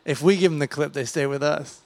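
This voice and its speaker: A man's voice: on the high side, fairly even intonation, fairly quick, darkish tone. A man co-hosting a podcast in casual chat, making dry, joking asides. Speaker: podcast co-host.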